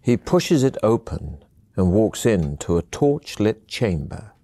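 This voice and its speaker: Deep, slow male game narrator. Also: gravelly, husky, no echo. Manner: calm, measured storytelling. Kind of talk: scripted second-person game narration.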